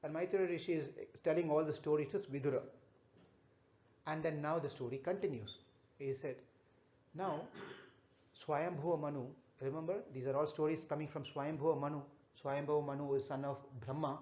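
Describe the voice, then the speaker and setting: Male class teacher, slightly high voice, halting and repetitive storyteller, echoey dull room. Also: steady tone, a little mellow. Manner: halting, repetitive storytelling with fillers, asks the children questions. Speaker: teacher telling scripture stories to children.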